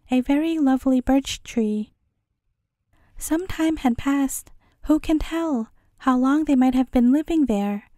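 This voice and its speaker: A woman reading a fairy tale aloud as a bedtime story, in a calm and measured way. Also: high-pitched, no echo, studio quality.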